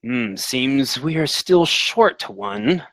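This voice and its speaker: A man voicing a stern, aloof male lord who speaks slowly and coldly. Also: mid-range voice, expressive, fairly bright tone, no echo. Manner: slow, measured, cold.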